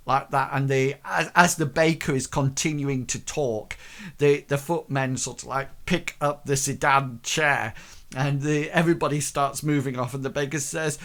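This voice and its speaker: A man's voice: mid-range voice, fairly even intonation, normal speed, fairly bright tone. A man narrating a tabletop game as game master, hesitant and full of fillers.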